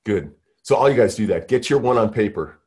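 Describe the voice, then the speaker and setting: A man leading an interactive workshop, energetic and coaxing, who keeps firing questions at the group. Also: fairly low pitch, slightly rough. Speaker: workshop leader.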